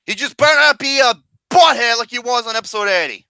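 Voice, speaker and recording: A man hosting a podcast, ranting loudly in casual chat and swearing often. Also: very high voice, animated, fast talker, creaky. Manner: loud, profane ranting. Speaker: podcast host.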